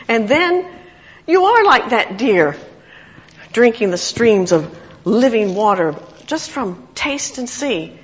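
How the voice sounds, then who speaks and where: A woman's voice: on the high side, sing-song, slow pace. A woman preaching a sermon, telling a story with acted-out quotes and light laughter. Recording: muffled sound in a large reverberant hall.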